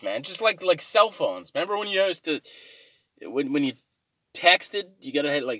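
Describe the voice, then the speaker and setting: A man's voice: medium pitch, very animated, brisk, fairly bright tone, dry recording. A man rambling through an exasperated, profane comic rant to his viewers, swearing freely as he complains. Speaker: vlogger.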